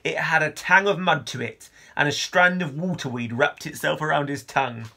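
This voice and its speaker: Male teacher reading a children's adventure aloud; slightly higher voice, lively telling. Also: moderate pace, gravelly. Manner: expressive storytelling. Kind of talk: children's novel read-aloud.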